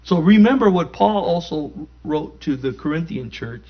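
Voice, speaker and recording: A man preaching in an emphatic call-and-response style, his voice sitting fairly high. The recording is muffled and lo-fi. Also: lively intonation, moderate pace. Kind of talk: sermon. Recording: dull lo-fi recording.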